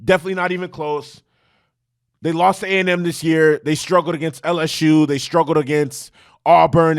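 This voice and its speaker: A man hosting a sports talk show from his studio, giving profane, animated commentary that builds into shouting rants. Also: a little high. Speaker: sports podcast host.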